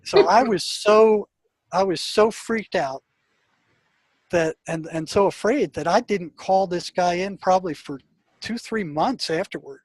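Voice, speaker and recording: A male interview guest tells an animated, casual story about his work in a prison, often restarting sentences and occasionally laughing. He speaks unhurriedly in a high-sitting voice, with no echo.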